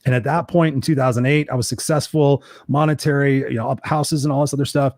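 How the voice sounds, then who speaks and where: Man, quick talker, life coach guest, candid and animated, dry close sound. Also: mid-range voice, dry recording. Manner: fast, animated, swears casually. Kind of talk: candid storytelling interview.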